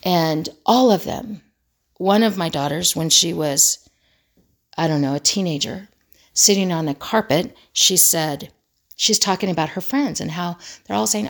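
A self-help podcast host in her fifties gives a casual monologue, telling family stories and animatedly acting out the voices of the people she quotes. Her voice is on the low side with vocal fry, at a normal speed.

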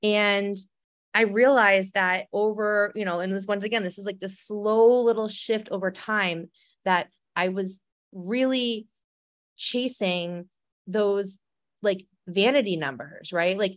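A woman's voice: medium pitch, takes it slowly, no echo. Candid chatty woman podcaster, dry sound. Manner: candid, rambling, many "like" fillers. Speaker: podcast host and coach. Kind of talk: personal storytelling monologue.

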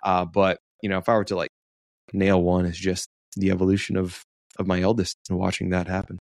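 A man's voice: deep voice, completely flat delivery, fairly quick, creaky, darkish tone, no echo, clean studio sound. A man in his thirties co-hosting a podcast, talking in an upbeat, joking way with lots of fillers. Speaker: podcast co-host. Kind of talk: casual chat.

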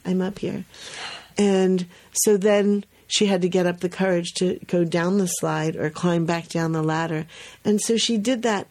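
Co-hosting an early childhood podcast, this woman speaks in a lowish voice and a little slowly. Her storytelling is relaxed and lively, punctuated by frequent laughter.

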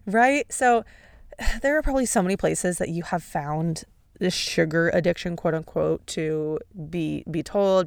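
A woman's voice: on the low side, gravelly, smooth, no room sound, clean studio sound. A young adult woman hosting a casual solo podcast, chatty and sarcastic. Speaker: podcast host.

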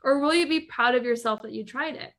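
This podcast host and business coach has a high, fairly bright voice and a brisk delivery. She coaches her listeners through an emphatic motivational monologue, leaning on repetition and rhetorical questions.

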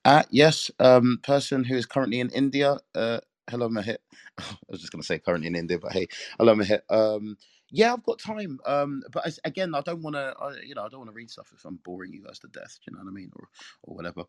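A man's voice: medium pitch, big pitch swings, fast talker, no echo. A man from England with an English accent, hosting a casual live audio chat room, talking in a chatty, rambling way and reading aloud to listeners.

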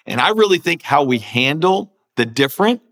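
A man with a fairly high, slightly bright voice speaks at normal speed and is very animated. He's a pastor and author preaching conversationally in an earnest interview, occasionally acting out inner voices to drive his point home.

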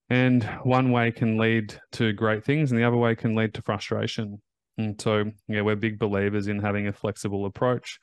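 A man's voice: on the low side, flat delivery, moderate pace, creaky, smooth, no echo. A man hosting a podcast as a recovery coach, talking in an emphatic, motivational way and repeating his key phrases.

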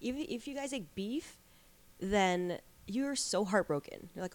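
With a mid-range, expressive voice that runs a little slow, this woman in her thirties chats casually as a guest. She tells her stories with lots of likes and you-knows.

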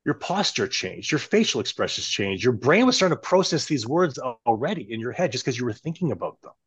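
A man on a podcast, guiding his hosts through a self-talk exercise in an animated, instructive way. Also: mid-range voice, brisk, breathy edge. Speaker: coach guest on podcast. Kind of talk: conversational coaching demonstration.

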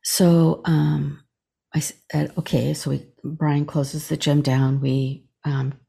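A middle-aged woman, a chaplain appearing as a podcast guest, tells a personal story in a low, mellow, husky voice with a gravelly edge and a level tone. She speaks haltingly, full of fillers and restarts, and acts out the dialogue as she remembers it.

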